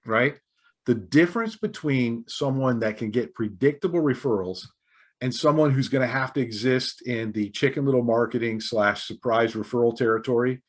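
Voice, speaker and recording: A middle-aged man from the United States, a podcast guest telling a story in an animated way, chuckling through his asides. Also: medium pitch, normal speed.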